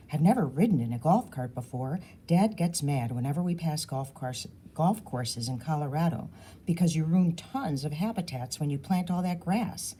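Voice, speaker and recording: A woman reading a children's novel aloud in a lively, expressive storytelling manner. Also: sits low, breathy edge. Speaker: audiobook reader.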